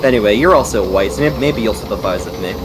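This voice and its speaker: A man's voice: fairly low pitch, expressive, fast talker. A young man chatting casually, telling a profane, rambling story full of fillers. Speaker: streamer. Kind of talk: casual chat. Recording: noisy background.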